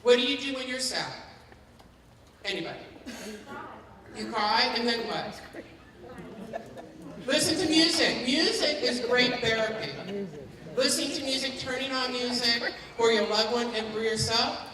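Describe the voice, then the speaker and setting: A woman's voice: fairly high pitch, a little slow, long pauses, crowd noise. A woman teaching a workshop for caregivers, talking to the room and keeping the audience engaged with frequent questions. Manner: interactive, keeps checking in with the audience. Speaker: dementia care educator. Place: large hall at a community forum. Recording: echoey hall from far off.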